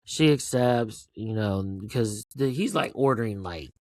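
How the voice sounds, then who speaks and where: Excitable, foul-mouthed male show host. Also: mid-range voice, a little slow, no room sound, studio quality. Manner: excited, profane, rambling with frequent "right?". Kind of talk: casual TV recap commentary.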